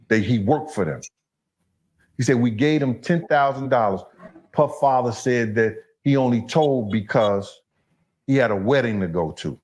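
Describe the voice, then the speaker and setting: A man, telling long street stories as an interview guest and often asking "you understand?". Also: medium pitch. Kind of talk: storytelling in an interview clip.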